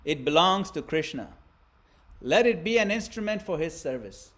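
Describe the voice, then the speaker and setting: A man voicing a calm young renunciate speaking in a steady, solemn way. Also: on the high side, moderate pace.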